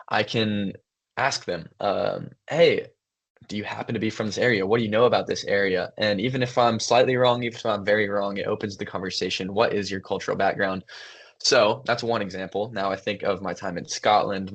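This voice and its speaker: A young man co-hosting a podcast, telling stories in an easy, thoughtful way with frequent pauses and fillers. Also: lowish voice, fairly bright tone. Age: young adult. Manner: thoughtful, storytelling, many fillers. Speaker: podcast co-host, son. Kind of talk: casual conversation.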